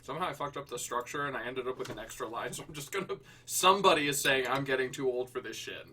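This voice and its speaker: A man's voice: mid-range voice, quick pace, bright, forceful tone, distant mic, a little hiss or hum. A man hosting a casual livestream, joking and swearing freely as he chats with viewers about writing prompts. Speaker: livestream host and writer.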